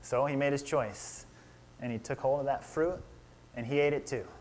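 A man's voice: mid-range voice, moderate pace, darkish tone, slight background noise. A man in his thirties preaching a sermon, retelling a story and asking his listeners questions. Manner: asks the audience questions, acts out quotes.

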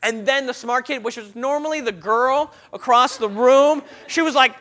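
A young man giving a lively motivational talk to an audience, acting out little scenes and voices as he tells stories. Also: very high voice, normal speed, hardly any pauses. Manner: animated, acts out voices and sound effects. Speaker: speaker.

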